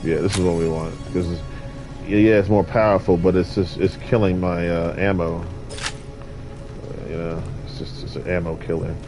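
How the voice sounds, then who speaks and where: Rambling low-voiced man playing a game. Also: fairly even intonation, normal speed. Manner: rambling, preachy musings. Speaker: gamer. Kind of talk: casual gameplay commentary. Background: game music.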